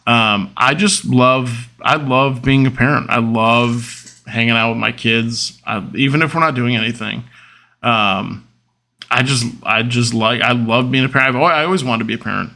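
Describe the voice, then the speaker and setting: Male host, 30s, casual monologue with a gravelly edge. Rambling and heartfelt, with plenty of ums and restarts. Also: mid-range voice, moderate pace, sharp tone. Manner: rambling, with many fillers and restarts; open and emotional. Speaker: podcast host.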